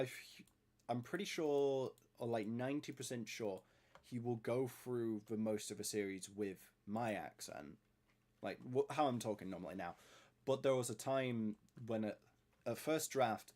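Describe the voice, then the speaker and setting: A man's voice: mid-range voice, darkish tone. A man chatting casually and rambling to himself while he builds in a game, thinking aloud to viewers.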